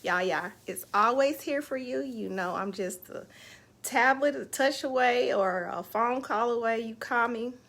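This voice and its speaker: A woman's voice: on the high side, unhurried, fairly bright tone. A woman hosting an online live show, chatting casually and emotionally about her faith and her week. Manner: emotional, heartfelt, faith-filled talk. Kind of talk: casual livestream chat.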